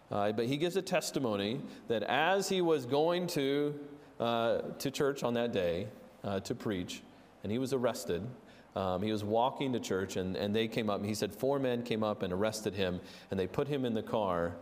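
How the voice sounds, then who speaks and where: A man's voice: lowish voice, lively intonation, normal speed, darkish tone. A man preaching a sermon, earnest and storytelling, with fillers and restarts. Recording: long reverb of a large hall.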